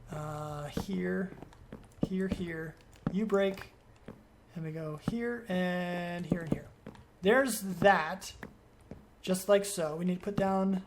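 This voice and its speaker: A man's voice: high voice, slight background noise. Man musing aloud over a game. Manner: rambling, thinking aloud, questioning himself. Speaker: gaming video creator. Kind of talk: let's play commentary.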